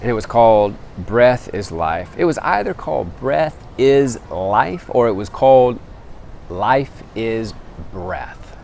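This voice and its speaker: A man vlogging outdoors beside a temple, talking earnestly to camera as he calls his listeners gentlemen. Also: medium pitch, lively intonation, takes it slowly, creaky, slight background noise. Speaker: travel vlogger. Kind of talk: casual motivational talk to camera.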